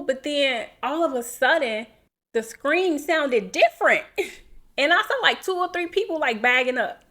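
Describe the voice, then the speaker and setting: A woman's voice: sits high, moderate pace. Woman in her thirties telling a story. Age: 30s. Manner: animated, acts out quotes, laughs while telling. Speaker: podcast co-host. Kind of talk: casual storytelling.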